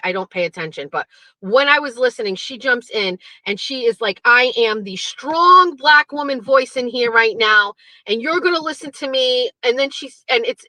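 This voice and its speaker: A woman's voice: a little high, sharp tone, no room sound, rough recording. A young adult woman hosting a casual talk show, rambling and profane, laughing often and slipping into mocking voices. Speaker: show host. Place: home studio.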